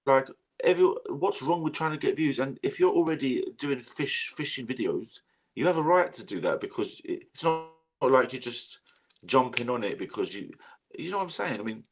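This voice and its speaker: A man's voice: medium pitch, animated, moderate pace, background noise. A man chatting casually as a guest, rambling with lots of fillers and swearing freely. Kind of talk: casual chat.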